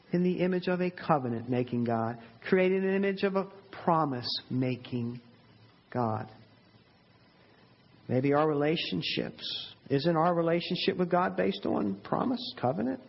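A man's voice: a little high, creaky, husky, muffled recording. A male pastor preaching a sermon in an earnest, emphatic way, with many rhetorical questions.

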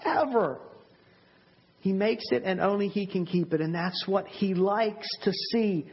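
A man preaching a sermon, earnest and emphatic, often repeating words and slowing down to stress them. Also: high-pitched, fairly even intonation, breathy edge. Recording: dull lo-fi sermon audio.

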